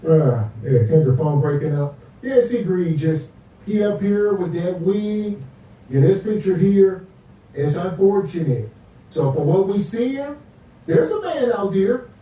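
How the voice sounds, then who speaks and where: Brief: man with a very dark, mellow tone, wry slangy comments, echoey distant room. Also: sits high, animated, unhurried.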